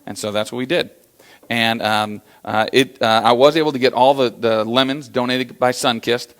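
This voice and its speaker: A man's voice: mid-range voice, moderate pace. An American man giving a motivational business talk, telling stories with lots of fillers and acting out the quotes. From USA. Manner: animated storyteller acting out quotes, many fillers. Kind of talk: storytelling keynote talk.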